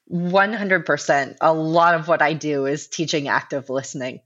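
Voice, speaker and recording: Low-voiced woman, dull lo-fi audio. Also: fairly bright tone. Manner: measured, earnest explaining. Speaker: guest, director of a civic organization. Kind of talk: interview conversation.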